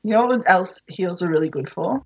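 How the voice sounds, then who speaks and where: Host: animated, husky-voiced woman, lo-fi sound. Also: fairly low pitch, brisk. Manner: animated storyteller, swears casually. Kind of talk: casual chat. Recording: slightly dull lo-fi sound.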